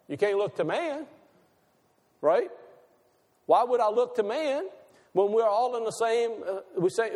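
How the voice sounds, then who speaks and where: A man preaching a sermon, asking his listeners questions and slowing down to stress key words. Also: sits high, a little mellow, big-room sound. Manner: asks the audience questions, slows for emphasis.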